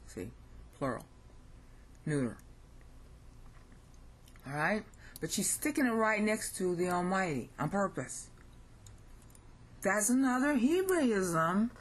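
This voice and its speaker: A woman's voice: medium pitch, big pitch swings, takes it slowly, pauses often, breathy edge. A woman with an American accent giving an informal recorded lesson, thinking aloud and often checking in with "okay?". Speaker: language teacher.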